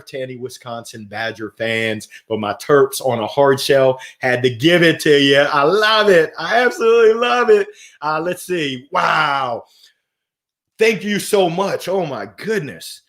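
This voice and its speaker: A middle-aged man hosts a live motivational stream, slightly high-pitched and upbeat. He swings from soft to loud as he reads out viewer comments and answers them. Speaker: host of a weekly motivational livestream.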